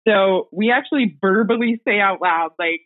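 A woman's voice: mid-range voice, moderate pace. Woman telling a story over a tinny line. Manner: rambling, full of fillers and laughs. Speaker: podcast guest telling a ghost story. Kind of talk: casual storytelling. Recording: tinny phone-line audio.

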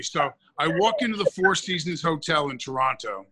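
A man's voice: a little high, a little fast, hardly any pauses, over a noisy crowd, low-quality recording. A man co-hosting a podcast, telling a long anecdote in casual chat, acting out the quotes and restarting his sentences often. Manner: animated storyteller, acts out quotes, restarts often. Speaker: podcast co-host.

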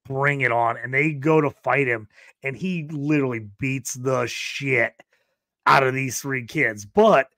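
A man's voice: medium pitch, unhurried, fairly bright tone, no echo, clean studio sound. A middle-aged man hosting a casual movie-review podcast, animatedly retelling funny scenes. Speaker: podcast host.

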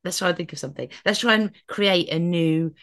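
A woman's voice: fairly low pitch, a little fast, fairly bright tone. A woman co-hosting a podcast in casual chat, playful and swearing freely as she acts out mock rants. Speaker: podcast co-host.

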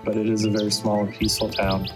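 A man's voice: on the low side, completely flat delivery, fast talker, over music, rough recording. A man narrating as game master, rambling with many fillers and restarts.

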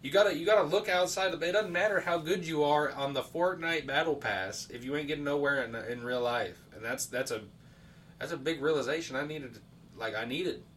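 Rambling, swearing podcast co-host, man with a somewhat high voice, distant mic, faint hiss. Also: fairly quick, a bit bright. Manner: rambling storyteller, heavy swearing and fillers. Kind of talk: casual chat.

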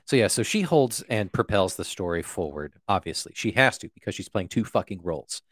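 A man co-hosting a movie podcast, joking, swearing often and acting out quick bits. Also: sits low, lively intonation, fairly bright tone, no room sound, studio quality. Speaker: podcast co-host. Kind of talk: casual movie podcast chat.

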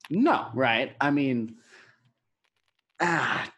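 A man co-hosting a podcast over a video call, talking loosely with quick exclamations and the odd swear. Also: mid-range voice, big pitch swings, fairly bright tone, breathy edge. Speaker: podcast co-host.

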